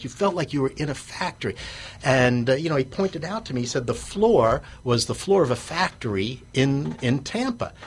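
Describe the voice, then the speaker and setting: A man guest telling a casual business story, stammering and repeating words as he gets animated. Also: mid-range voice, slightly rough.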